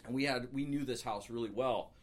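A man telling his own story as an interview guest, earnest and halting, with frequent restarts. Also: mid-range voice. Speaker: guest, former police officer. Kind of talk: personal storytelling.

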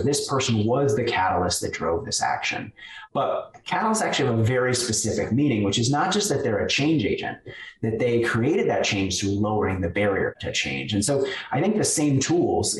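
A man being interviewed, explaining ideas and telling stories in a lively, conversational way. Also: lowish voice. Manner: animated, lively storyteller who acts out quotes. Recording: roomy sound, somewhat far from the mic.

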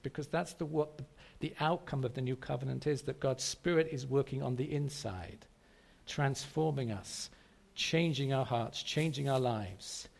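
A man's voice: mid-range voice, creaky. A man preaching a sermon to a congregation, emphatic and repetitive, often asking rhetorical questions. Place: church service.

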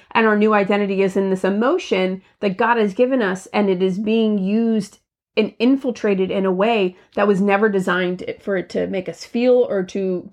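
A woman in her thirties, a mother co-hosting a Christian podcast, talking casually and acting out her own frustrated thoughts. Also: medium pitch. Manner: animated, acts out her own frustrated lines. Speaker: podcast co-host. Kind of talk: casual faith podcast chat.

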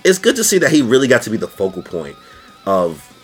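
Animated slangy man with a lively voice. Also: brisk, breathy edge, faint music behind. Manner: animated, slangy, jumps into high-pitched quoted voices. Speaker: YouTube reviewer. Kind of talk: casual video review.

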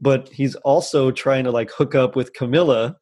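A man chatting casually as a podcast co-host, his pitch sitting in an ordinary middle range. He rambles through his thoughts with plenty of fillers and breaks into laughter often. The tone is relaxed and friendly. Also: moderate pace. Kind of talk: casual chat about a holiday special. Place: lives in the U.S. South.

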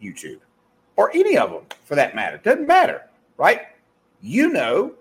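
A middle-aged podcast host with a softened Southern US accent and a slightly high, husky voice delivers a casual motivational monologue. His pep talk is blunt and profane, and he keeps correcting himself mid-sentence.

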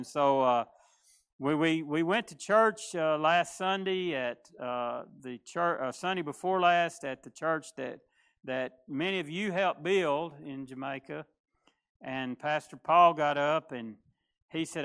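A man's voice: fairly high pitch, measured pace, sharp tone, clean tone. A pastor giving a folksy, conversational sermon, often restarting his words.

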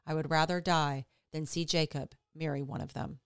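A woman's voice: low voice, fairly even intonation, moderate pace, clear, resonant tone, no room sound, clean studio sound. Woman reading a worried protective mother.

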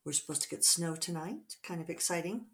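A middle-aged woman author talking casually over morning coffee, reflective and rambling with soft fillers. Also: on the low side, fairly quick.

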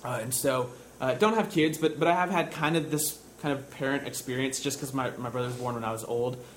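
A younger man preaching a sermon in a relaxed, conversational way, often dropping to a soft, hushed voice when he quotes comforting words. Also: medium pitch, a little fast, a little hiss or hum, low-quality recording. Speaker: pastor.

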